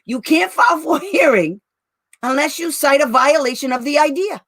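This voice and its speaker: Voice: high voice, moderate pace, fairly bright tone, no echo, studio quality. A special education advocate in casual livestream talk with parents, blunt and brash, laughing often and calling listeners "girl" and "honey".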